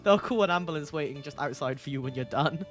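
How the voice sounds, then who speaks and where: A woman's voice: low-pitched, quick pace, faint music behind. A woman streamer chatting playfully and reading a game aloud, giggling and teasing. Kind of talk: casual commentary while reading a game aloud.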